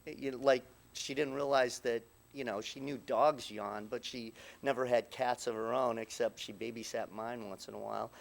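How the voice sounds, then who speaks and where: A middle-aged man giving a eulogy for his mother at a funeral, speaking haltingly with many restarts and pauses, at times choked up. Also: medium pitch, fairly even intonation, vocal fry. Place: funeral chapel.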